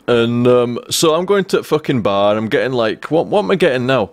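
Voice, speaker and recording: A man's voice: medium pitch, expressive, moderate pace, few pauses, dry recording. Rambling, swearing young man. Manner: rambling, profane, restarts often. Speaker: streamer. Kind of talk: casual storytelling to a live stream.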